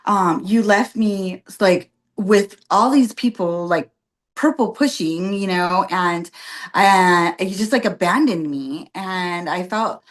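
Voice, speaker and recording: A woman's voice: lowish voice, takes it slowly. A woman guest on a podcast telling her birth story in casual chat, with many fillers like "like" and "um", acting out what others said. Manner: chatty, full of "like" and "um", acts out quoted voices.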